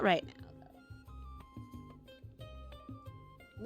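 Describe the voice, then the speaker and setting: Gravelly-voiced woman chatting on a game stream. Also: medium pitch, big pitch swings, normal speed, faint music behind. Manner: chatty, talks to her pet and to herself. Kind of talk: casual live-stream chat.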